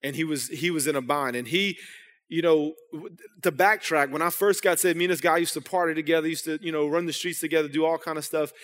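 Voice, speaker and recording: A young man preaches a sermon, talking as if to friends and often restarting his sentences. His voice sits fairly high for a man. The sanctuary gives it a long trailing reverb. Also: steady tone, fast, fairly bright tone. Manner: storytelling, conversational with repeated restarts. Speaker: pastor. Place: church sanctuary. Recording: long hall reverb in church.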